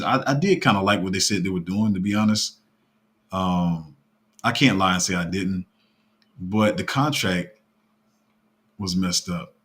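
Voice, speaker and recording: Low voice guy rambling on a live stream, flat even tone, lots of ums and restarts. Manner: talks in a fairly flat, even tone; rambling, with many fillers and restarts. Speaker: crypto streamer running a paid group. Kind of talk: casual live-stream talk.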